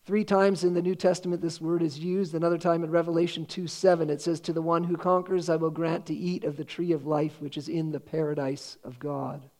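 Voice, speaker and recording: High-voiced, mellow preaching man. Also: flat delivery, fairly quick, hardly any pauses. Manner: earnest preaching, quoting scripture with rising emphasis. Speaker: pastor. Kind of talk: sermon.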